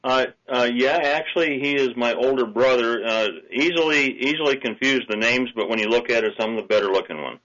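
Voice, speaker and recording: A man's voice: mid-range voice, brisk, hardly any pauses, fairly bright tone, dull audio. A man who is a state representative, speaking as a guest on a radio talk show, earnest and hesitant with many fillers. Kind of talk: phone-in radio interview.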